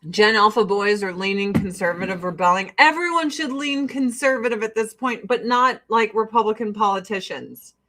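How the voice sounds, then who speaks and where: A woman's voice: mid-range voice, normal speed, few pauses, fairly bright tone. A woman in her forties ranting casually and profanely to camera while getting ready. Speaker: vlogger.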